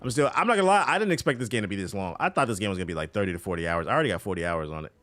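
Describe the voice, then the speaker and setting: A man's voice: on the low side, very fast, dry recording. A man streaming a game, chatting casually and profanely with his chat while he plays. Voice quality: profane, loose and animated.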